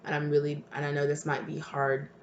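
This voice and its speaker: A tarot reader doing an intuitive reading for viewers, talking tenderly and hesitantly and sometimes dropping to a breathy near-whisper. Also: medium pitch, monotone, a little fast, muffled recording. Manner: soft, tender, hesitant, calls listeners "my love". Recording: roomy with faint ambient noise.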